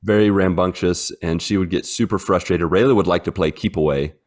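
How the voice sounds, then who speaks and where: Deep-voiced man rambling through a story. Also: brisk. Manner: rambling storyteller, many fillers, acts out his dogs in silly voices. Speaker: podcast co-host. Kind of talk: casual chat.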